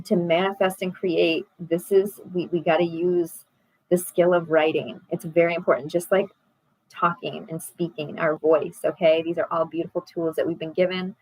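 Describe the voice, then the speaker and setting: A woman's voice: fairly low pitch, no room sound, rough recording. A woman hosting an online group prayer and meditation, talking casually in an effusive, affirming, encouraging way. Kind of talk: casual spiritual livestream talk.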